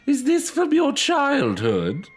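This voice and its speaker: A man voicing a prim adult woman in charge at a boarding school, in a high fluttery falsetto. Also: huge pitch swings, slow, soft background music, exaggerated voice. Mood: prim, awkward.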